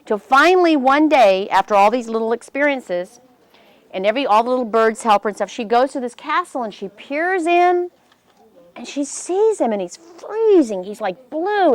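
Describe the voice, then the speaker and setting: A woman telling a fairy tale to children, animated and voicing the characters as she goes. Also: moderate pace. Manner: animated, voices the characters with big pitch jumps. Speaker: storyteller.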